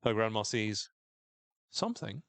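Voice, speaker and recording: A man co-hosting a casual podcast recap, animated and jokey, acting out lines in quick silly voices. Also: lowish voice, vocal fry, no room sound. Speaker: podcast co-host.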